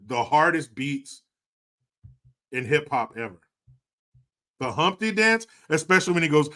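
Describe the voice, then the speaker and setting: A man's voice: on the high side, lively intonation, a little slow, pauses often, fairly bright tone. A man in his forties hosting a live stream, casually chatting and reading out viewer comments in a jokey, profane way, laughing often. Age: 40s.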